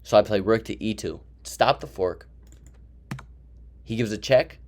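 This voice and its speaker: A young man with a fairly low voice walks through his chess game move by move. His commentary is excited and chatty, and he talks to himself as he plays. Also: measured pace, slight background noise. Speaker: chess streamer.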